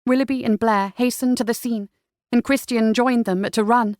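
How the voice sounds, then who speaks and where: A woman's voice: a little high, fairly even intonation, normal speed, darkish tone, no room sound. Woman narrating an audiobook, dry and close. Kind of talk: scripted narration.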